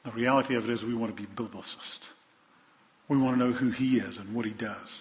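A man's voice: medium pitch, steady tone, brisk. A male pastor preaching a sermon, asking the congregation rhetorical questions and building to emphatic points. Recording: dull sound in a long-reverb hall.

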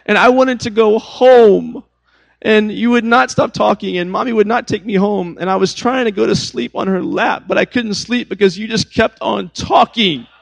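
Whiny tired little girl, age five, high-pitched, voiced by a man. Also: normal speed, vocal fry, dry recording, rough recording. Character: whiny sleepy five-year-old girl.

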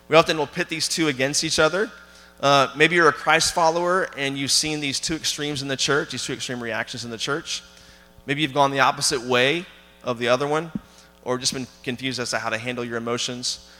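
A man with a bright, forward tone preaches in a church. He keeps it conversational, asking the congregation questions and using plenty of fillers. His voice carries a long reverb through the hall. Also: medium pitch. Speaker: pastor. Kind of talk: sermon. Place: church sanctuary.

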